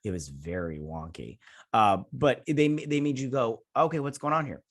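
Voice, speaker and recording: A man's voice: mid-range voice, moderate pace. A man in his thirties hosting a review show, recapping an episode in a rambling, casual way, full of fillers and jokey asides.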